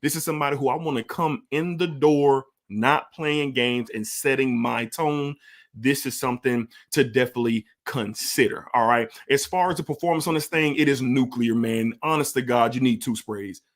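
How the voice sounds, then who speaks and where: A man's voice: medium pitch, moderate pace. A man giving a casual fragrance review, enthusiastic and emphatic, repeating his points for effect.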